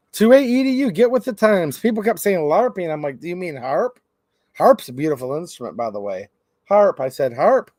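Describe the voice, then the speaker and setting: A man's voice: on the high side, a little mellow, dry recording, clean studio sound. A man hosting a livestream, chatting casually in a rambling, joking way and reading out comments from the chat. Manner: rambling, jokey, reads chat aloud. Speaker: gun rights channel host.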